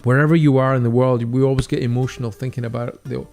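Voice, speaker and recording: Gravelly Scottish man, chatty livestream host. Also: mid-range voice, steady tone, quick pace, darkish tone, soft background music. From Scotland. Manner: chatty, encouraging, reads viewer comments aloud. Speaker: stained glass artist hosting a livestream. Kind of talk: casual livestream chat.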